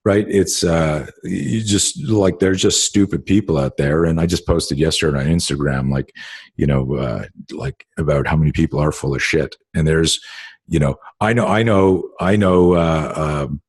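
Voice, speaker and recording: A middle-aged man with a very low, husky voice hosts a casual talk, telling long stories full of fillers and blunt swearing. He is recorded close and dry. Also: normal speed, no echo. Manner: rambling storyteller with many fillers and swearing. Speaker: podcast host. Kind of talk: casual conversation.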